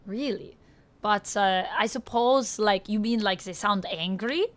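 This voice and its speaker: A young woman with a Canadian accent chatting casually to her viewers while playing a game live, reading out chat and filling pauses with "uh" and "like". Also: mid-range voice. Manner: chatty, reads chat aloud, frequent fillers. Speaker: streamer. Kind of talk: live-stream gameplay chat.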